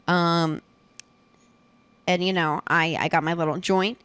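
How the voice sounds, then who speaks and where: A woman's voice: on the low side, steady tone, measured pace, fairly bright tone, clear, resonant tone, dry recording. A woman in her twenties hosting a casual comedy podcast, brash and teasing with crude jokes. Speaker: podcast host.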